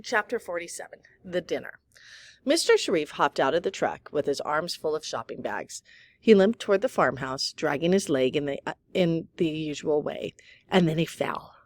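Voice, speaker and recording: A woman calmly reading a children's novel aloud, unhurried, with small slips now and then. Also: sits low, dry recording. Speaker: audiobook reader.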